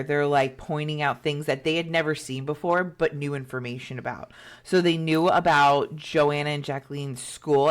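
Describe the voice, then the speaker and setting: Podcast lady telling a story, lots of likes and ums, chatty. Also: sits low. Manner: chatty, many fillers, acts out quotes. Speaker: podcast co-host. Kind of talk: casual storytelling chat.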